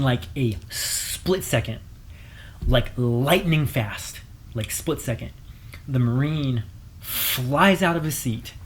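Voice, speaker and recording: A man chats as a podcast guest, telling a story in an animated way. His voice sits in a middle pitch. He is loose and full of fillers, and he often breaks out laughing. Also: a little hiss or hum, low-quality recording. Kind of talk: casual chat.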